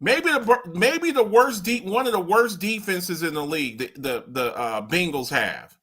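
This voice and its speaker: A man hosting sports talk, ranting in an animated way with big swings of pitch and loudness. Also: unhurried, breathy edge. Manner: loud, excitable, swings high and low in pitch, slips into mock voices.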